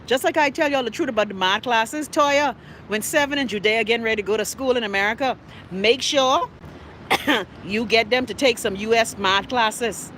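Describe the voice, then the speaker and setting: A middle-aged woman with a Bahamian accent hosts a live talk show, ranting brashly and profanely and teasing her viewers by name. Her voice is a little high and fairly bright, with a moderate pace and slight background noise. It's a casual live-stream rant.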